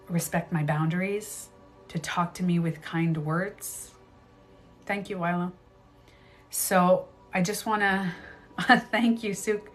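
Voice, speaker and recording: A woman hosting a casual live stream as a spiritual coach, chatting animatedly, laughing often and greeting viewers by name. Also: on the low side.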